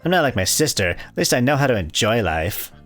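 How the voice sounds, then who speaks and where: Perky forward schoolgirl, man voicing, light and lively, playfully teasing. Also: medium pitch, fairly quick. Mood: chipper. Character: chipper, forward teenage schoolgirl from a rich family.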